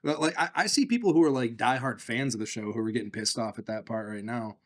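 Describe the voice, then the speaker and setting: A man's voice: medium pitch, quick pace. A man from the Midwest riffing as co-host of a casual podcast. He rambles loosely, swears freely and breaks into laughter often. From Michigan.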